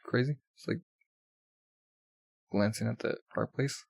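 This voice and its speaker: A man's voice: mid-range voice, measured pace, vocal fry, long pauses, darkish tone, dry recording. A man casually commenting while reading a manga, rambling with many fillers. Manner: rambling, full of "like" and laughs. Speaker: manga reaction vlogger.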